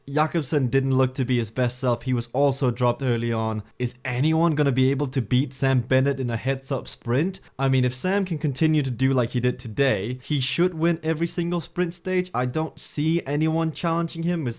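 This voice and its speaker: A man's voice: medium pitch, a little mellow. A man hosting a cycling news show, giving a chatty, enthusiastic recap and analysis of a race stage. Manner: chatty and enthusiastic, with frequent "I mean" asides.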